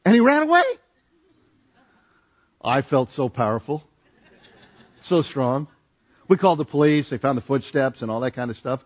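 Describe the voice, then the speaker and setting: A man's voice: mid-range voice, moderate pace, pauses often. A middle-aged man preaching a sermon, telling stories in a conversational, rambling way with fillers and restarts. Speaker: pastor. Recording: dull lo-fi sound.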